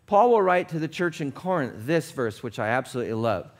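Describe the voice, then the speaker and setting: A man's voice: on the high side, brisk. A man preaching a sermon as pastor, telling stories and pressing his points with emphasis. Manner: animated storytelling preacher, acts out dialogue.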